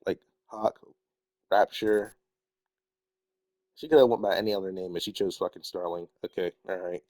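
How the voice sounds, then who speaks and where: A young man with a lowish voice rambles on in a loose, casual chat, swearing freely and sometimes sinking into a mumble. He sounds a little sick, with a stuffy nose. The recording is dry, with no room sound. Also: fairly even intonation, moderate pace, a little mellow, no echo. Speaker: YouTuber.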